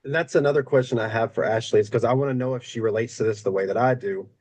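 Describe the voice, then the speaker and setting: A man co-hosts a podcast in casual chat, his voice at a middle pitch. He tells stories in a relaxed, conversational way. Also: fast talker. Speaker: podcast co-host.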